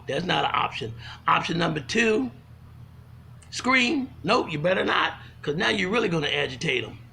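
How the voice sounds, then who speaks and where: Gravelly man telling funny stories. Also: a little high, a little hiss or hum. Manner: folksy, animated, swinging from loud to hushed. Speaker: storyteller. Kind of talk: comic storytelling monologue.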